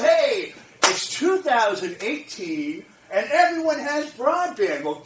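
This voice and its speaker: A man with a high voice tells a story to a lecture audience in an animated way, laughing and repeating himself and asking whether they follow. He sounds distant from the mic in a roomy hall, with a faint hum of ambience behind him. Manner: animated, laughing, repeats phrases, asks the audience "you get what I'm saying?". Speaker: speaker at a lecture event. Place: lecture room.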